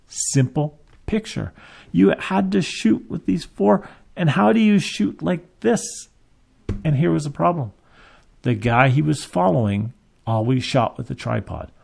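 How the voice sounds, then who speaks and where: A man's voice: on the high side, vocal fry, a little mellow, breathy edge. A man running a photography business, telling a story as a lesson and acting out the quotes with big jumps in his voice. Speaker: photography shop owner and teacher.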